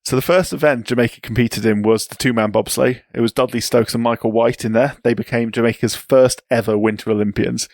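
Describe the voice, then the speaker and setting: A man co-hosting a podcast, telling sports history in a relaxed, chatty way with asides. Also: medium pitch, a little fast, hardly any pauses, no echo, clean studio sound. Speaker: podcast co-host. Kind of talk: casual chat.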